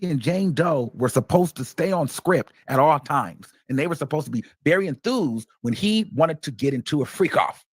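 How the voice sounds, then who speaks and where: Male commentary host, a bit high-voiced, emphatic and repetitive, dry recording. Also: lively intonation, normal speed, hardly any pauses, slightly rough, dry recording. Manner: emphatic, repeats points for stress. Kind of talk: reaction commentary.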